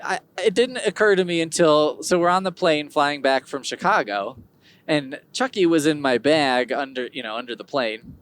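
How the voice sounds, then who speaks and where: A man's voice: a little high, moderate pace, a bit bright. A man hosting his own podcast, talking in a rambling, digressive way with wry humor. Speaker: podcast host. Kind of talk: casual solo podcast monologue.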